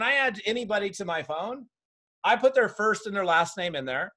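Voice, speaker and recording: A man coaching a group of network marketers on a video call, direct and energetic, talking straight to his audience. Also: high-pitched, fairly quick.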